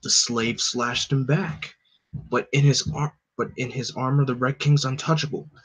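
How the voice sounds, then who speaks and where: A man voicing hushed insect-like rebels plotting in low voices, on a slightly dull recording. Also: fairly even intonation, normal speed, slightly rough.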